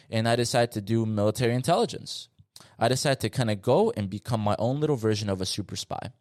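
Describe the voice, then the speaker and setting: A young man from South Florida hosting a solo podcast, talking in an animated, slangy and emphatic way with frequent asides. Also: fairly low pitch, dry recording, clean studio sound. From South Florida, USA. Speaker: podcast host.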